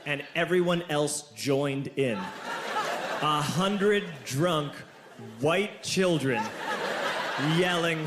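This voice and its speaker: A man in his thirties telling a stand-up story, animated and shouting the punchlines. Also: fairly high pitch, a little slow, reverberant, very noisy. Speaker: stand-up comedian.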